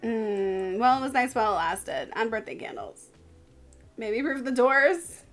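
A woman's voice: a little high, lively intonation, a little slow, a bit bright, faint music behind. A tired woman streamer giving live commentary on her game, chatting to her characters as she plays.

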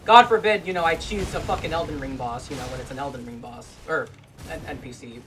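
A gamer giving let's play commentary, swearing often, grumbling low and then breaking into frustrated yells at the game. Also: fast, a little hiss or hum. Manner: profane, frustrated, bursts into yells. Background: game music.

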